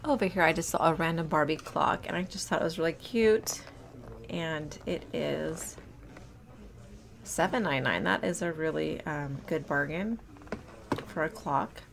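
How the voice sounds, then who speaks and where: At a moderate pace, a young woman with a low, creaky voice narrates as she strolls an indoor shop, background noise audible. It's a chatty shop-with-me vlog recorded on a handheld phone, peppered with ums and excitement over cute items.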